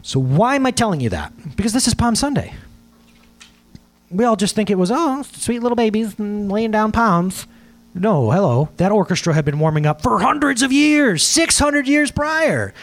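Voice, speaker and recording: A man preaching a sermon to his congregation, emphatic and animated, asking for slides as he goes. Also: sits high, normal speed. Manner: asks for slides during the talk. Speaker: pastor.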